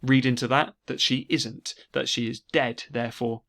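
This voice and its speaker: A man teaching an exam revision lesson, explaining steadily and slowing down to stress key words. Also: medium pitch, fairly even intonation, vocal fry, fairly bright tone. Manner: explanatory, repeats key words slowly for emphasis. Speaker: English teacher.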